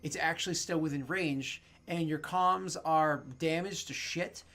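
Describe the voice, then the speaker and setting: A man's voice: fairly high pitch, fairly even intonation, unhurried, a bit bright. A man narrating as game master of a tabletop game, rambling along with many fillers and self-corrections.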